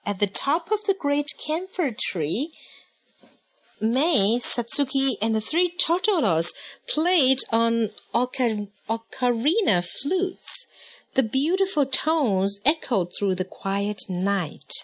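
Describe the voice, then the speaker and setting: A woman reads a picture book aloud, taking her time over every line. Her somewhat high voice swoops up and down with lively melody, and she chants the sound effects playfully. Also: slow pace. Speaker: storybook reader.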